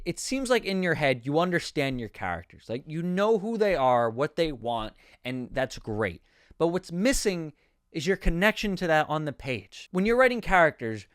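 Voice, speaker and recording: Candid young man with a high, smooth voice. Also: dry recording, clean studio sound. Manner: candid, stammering restarts. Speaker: screenwriting coach. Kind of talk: screenplay critique.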